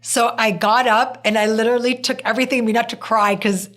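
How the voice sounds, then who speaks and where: A woman hosting a podcast, chatting casually and telling an animated story in which she acts out what people said. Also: fairly high pitch, fast talker. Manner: animated storytelling, acting out quoted speech. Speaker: podcast host.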